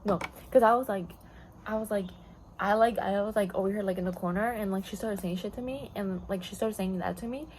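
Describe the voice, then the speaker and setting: A woman's voice: medium pitch, a little fast, darkish tone, a little hiss or hum, poor audio. A woman vlogger telling a storytime in a rambling, blunt way, full of fillers and swearing, slipping into Spanish now and then. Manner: code-switches into Spanish. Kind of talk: casual storytime chat.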